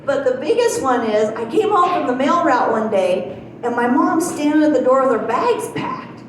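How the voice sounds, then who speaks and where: A woman's voice: sits high, expressive, normal speed, distant mic. A middle-aged woman doing a stand-up set in a small club, telling folksy stories and chuckling at her own jokes. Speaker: stand-up comedian. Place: small comedy club stage. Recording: very echoey room, from afar, faint noise.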